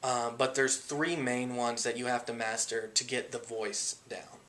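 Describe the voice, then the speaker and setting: A man explaining how he does voice impressions in a documentary narration, relaxed and full of pauses. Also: medium pitch. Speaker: amateur impressionist. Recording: documentary draft with music behind.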